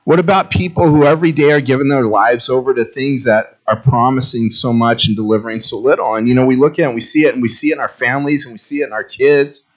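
A male pastor preaching a sermon in a conversational, self-mocking way, telling animated stories. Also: mid-range voice, fast, hardly any pauses.

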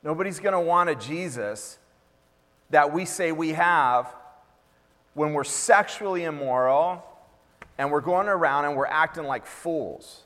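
A man's voice: on the high side, unhurried, fairly bright tone. A man pastor preaching a sermon, emphatic and repetitive, often acting out what others say. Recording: reverberant hall.

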